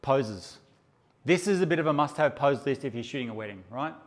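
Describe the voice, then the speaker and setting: A man's voice: medium pitch, lively intonation, fairly quick. A man teaching a live workshop session, brash and joking and swearing freely as he addresses the audience. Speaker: photography workshop presenter.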